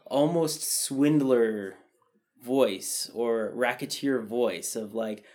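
A man's voice: mid-range voice, drawn-out words, darkish tone. A man co-hosting a podcast, explaining his views at length in casual chat, thoughtful with frequent restarts. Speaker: podcast co-host.

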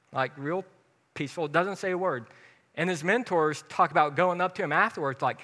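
A man delivers a casual, heartfelt sermon with a bright, forceful voice. He pitches slightly higher than most men and shifts between earnest confession and playful teasing. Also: normal speed. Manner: earnest, animated, personal and joking. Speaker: pastor.

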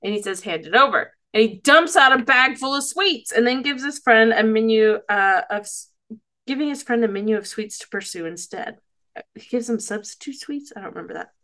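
A woman recapping a cartoon episode in a loose, rambling way. Her voice is bright and a little high, and she giggles and loses her place now and then. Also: fairly quick. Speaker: podcast co-host.

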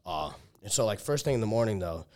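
A man's voice: on the low side, lively intonation, fast, darkish tone. A young man telling a long personal story in casual chat, loaded with "like" and swearing, often acting out what people said. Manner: heavy filler "like", swears, restarts, quoted dialogue.

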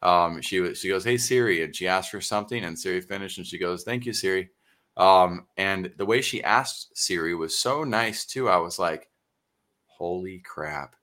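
A middle-aged man with a low voice talks casually on a podcast. His tone is bright and forceful, and he works through his thoughts in a halting way, with plenty of fillers. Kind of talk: casual conversation.

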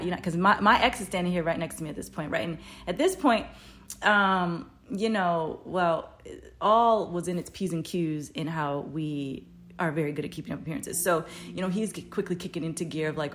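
A woman podcast host telling a story in a casual, animated, profane way, her voice jumping up loud when she quotes herself. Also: lowish voice, brisk, slight background noise.

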